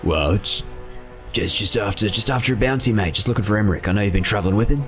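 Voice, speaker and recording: A man voicing a rough male bounty hunter who keeps calling people mate, blunt and mercenary, in a tabletop game. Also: lowish voice, fast talker, soft background music, lightly acted. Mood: gruff.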